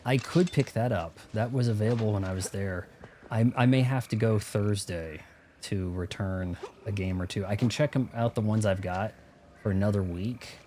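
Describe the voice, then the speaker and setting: A man with a lowish, mellow voice chats loosely while he plays, drifting between jokes and muttered asides. There is a faint hiss of noise behind him. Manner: rambling, joking, mutters to himself. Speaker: streamer. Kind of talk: casual gameplay commentary.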